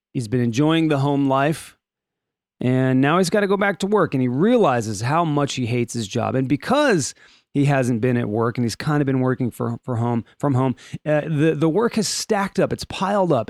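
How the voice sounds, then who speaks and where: A middle-aged man hosts a comedy news podcast with a lively voice that swoops up and down. His pitch sits a bit high for a man. He is recorded close to a dry microphone. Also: no room sound. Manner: joking, animated, puts on silly voices for quotes. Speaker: podcast host. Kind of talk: casual comedic news chat.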